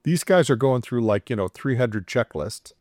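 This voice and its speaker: A man with a mid-range voice speaks at normal speed in a clean, echo-free studio recording. He's casually retelling a story on a podcast, animatedly acting out the quoted dialogue with playful chuckles.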